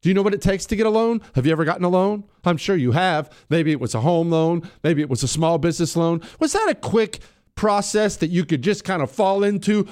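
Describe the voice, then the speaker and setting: A man hosting a talk radio show, emphatic and sarcastic, swinging from loud mockery to low, intense points. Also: expressive, a little fast.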